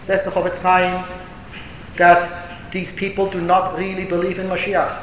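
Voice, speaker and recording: A man's voice: monotone, measured pace, a bit bright. A man giving a Torah lecture as a rabbi answering a question, telling stories and rising to emphatic declamation, with Hebrew and Yiddish terms mixed in. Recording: echoey hall with faint rumble.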